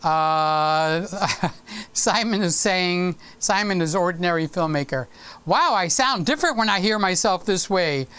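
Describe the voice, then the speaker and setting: Male live-stream host with a sore throat, smooth and clear, teasing and chatty, into a desk mic. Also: high voice, expressive, a little slow, bright, forceful tone. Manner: chatty, teasing and affectionate with viewers. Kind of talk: casual live-stream chat. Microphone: desk microphone.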